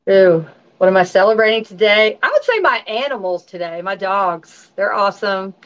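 A woman's voice: mid-range voice, expressive, normal speed. Bubbly Southern woman on a dull call. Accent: Southern American. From Tennessee. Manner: bubbly, chatty, laughs often, many fillers. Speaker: guest, actress and singer. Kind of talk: casual interview chat.

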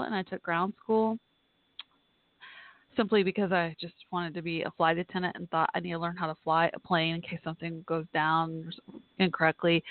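A woman hosting a call-in podcast from her home office, chatting casually, thinking out loud and apologizing often. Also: on the low side, no echo, phone-quality sound. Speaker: podcast host. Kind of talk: casual call-in show chat.

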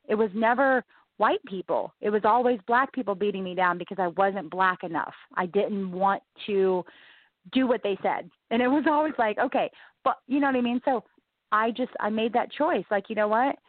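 A woman's voice: medium pitch, normal speed, dry recording. A woman guest from the American South telling her own life story in an interview, earnest and emphatic, often repeating herself. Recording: tinny phone-like line.

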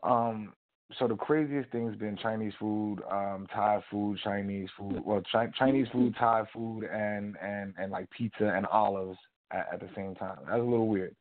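A man co-hosting a casual talk show, telling a rambling, animated story full of fillers. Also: fairly low pitch, moderate pace. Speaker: co-host. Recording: tinny phone-like audio.

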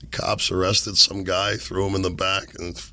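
A man's voice: low voice, level tone, normal speed, sharp tone. A man hosting a political commentary show, talking in a rambling, sardonic way while sick. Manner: sardonic, rambling, chuckling asides. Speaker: podcast host.

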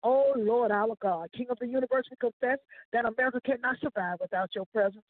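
A woman's voice: a little high, no room sound. Woman praying fervently over a tinny phone line. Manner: fervent preacher's cadence, drawn-out phrases. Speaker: gospel radio show host. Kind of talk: spoken prayer on air. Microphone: phone call-in.

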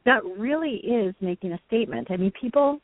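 A woman's voice: a little high, expressive, a little fast, no echo. A woman hosts a speaker-training talk, explaining her points eagerly and laughing often. Her voice comes through a tinny phone line with a dry, close sound. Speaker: host. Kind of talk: conversational teaching on a call-in show.

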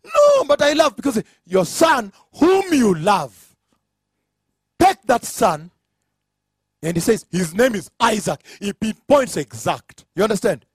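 High, husky man preaching emphatically. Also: big pitch swings, takes it slowly, long pauses, no echo. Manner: emphatic, rhetorical questions, acts out dialogue with pitch swings. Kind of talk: sermon.

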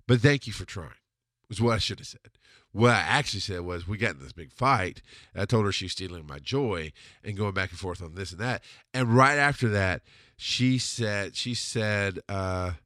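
A man telling a personal story in a blunt, profane, confessional monologue, dropping to a murmur and then bursting out loudly. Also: lively intonation, moderate pace, no room sound. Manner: blunt and profane, swings from low murmur to loud outbursts. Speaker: podcast host answering a listener question.

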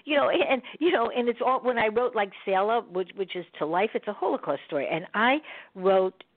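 A woman's voice: on the high side, fairly quick, no echo. Talk-show host, woman, rambling chatty delivery, phone-line sound, dry. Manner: rambling, animated, laughs often. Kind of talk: casual chat.

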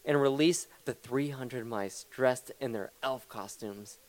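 A man's voice: medium pitch, measured pace, dry recording. A young man hosting a comedy talk show, ranting in a rambling, profane, mock-serious way. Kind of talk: improvised comedy rant.

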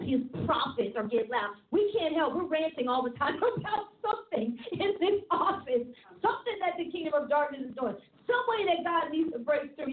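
A woman hosting a faith talk show, preaching in an animated, fired-up way and laughing often. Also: high voice. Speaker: host and preacher. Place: office studio. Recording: tinny phone-like sound in an echoey room.

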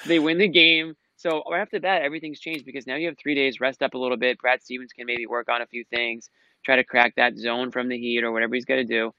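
A man's voice: mid-range voice, flat delivery, fast, sharp tone, no echo, dull audio. A man in a casual sports chat, emphatic and swearing freely. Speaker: sports podcast regular.

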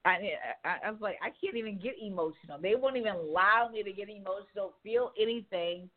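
A woman hosting a casual podcast chat, talking candidly and with profanity in an animated way. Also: mid-range voice, brisk. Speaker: podcast host. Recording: tinny phone-like sound.

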